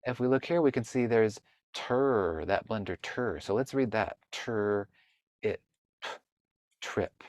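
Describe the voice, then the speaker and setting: A man's voice: mid-range voice, animated, moderate pace, darkish tone. A man teaching a sample online reading lesson, patiently sounding out word parts and blending them into words. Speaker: reading tutor. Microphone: computer mic, online session.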